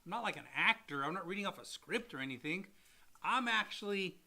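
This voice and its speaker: A middle-aged man who works as a loan officer, co-hosting a casual livestream and answering viewer questions in an animated, salesy way. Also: sits high, brisk, creaky.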